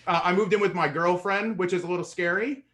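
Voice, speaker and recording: Breathless, bright-voiced stand-up comedian. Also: male voice, high voice, fairly even intonation, a little hiss or hum. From Indiana, USA. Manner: self-deprecating, halting with many fillers, laughing through punchlines. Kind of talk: stand-up set on an online show.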